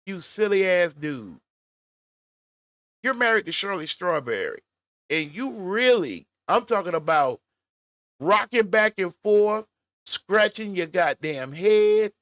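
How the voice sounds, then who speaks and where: A man riffing on a clip he's reacting to, blunt and mocking, with plenty of cursing. His voice sits a little high. The sound is dry, with no room around it. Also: very animated, takes it slowly, fairly bright tone, no room sound. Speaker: commentary vlogger. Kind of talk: reaction commentary.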